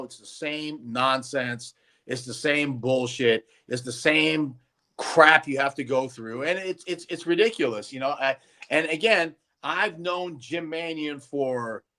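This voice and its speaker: A middle-aged man, co-host of a bodybuilding podcast, telling stories in a lively, animated way with frequent swearing. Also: fairly high pitch. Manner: animated storytelling, heavy swearing. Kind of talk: casual chat.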